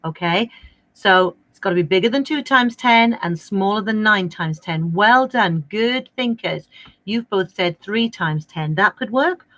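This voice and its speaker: A primary school maths teacher runs a livestreamed lesson for young children, using a cheery, coaxing, sing-song teacher voice. Her voice is medium-pitched, animated and a bit bright, a little slow, and recorded dry.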